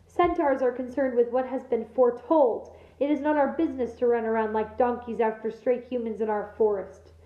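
A woman's voice: fairly high pitch, steady tone, moderate pace, hardly any pauses, echoey room, phone-quality sound, natural voice. A woman voicing a proud, angry male centaur who thunders and scorns. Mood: scornful.

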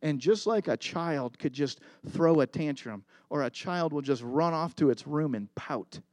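A man's voice: on the high side, animated, measured pace, a little mellow, dry recording. A middle-aged man preaching a sermon as pastor, earnest and confessional, telling a story with emphatic repetition.

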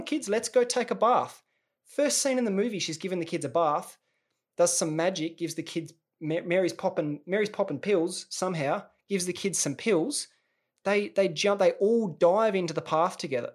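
Rambling man podcasting. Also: high voice. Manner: rambling, self-interrupting, jokey. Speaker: podcast host. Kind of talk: casual comedic monologue.

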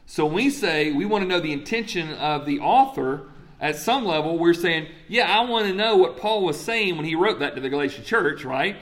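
A man's voice: a little high, lively intonation, normal speed, fairly bright tone. A man preaching a sermon in a conversational way, putting questions to the congregation and answering them himself. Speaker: pastor.

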